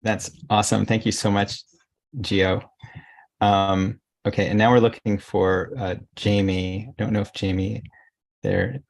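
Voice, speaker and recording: A man hosting a workshop over a video call, relaxed and low-key as he calls on the next speaker. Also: unhurried, gravelly, poor audio. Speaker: workshop host. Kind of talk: casual hosting.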